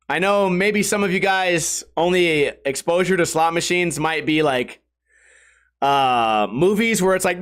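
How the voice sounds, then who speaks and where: Animated rambling man, higher voice. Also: measured pace. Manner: rambling, animated, laughs through stories, swears casually. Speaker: podcast host. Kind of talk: casual solo podcast storytelling.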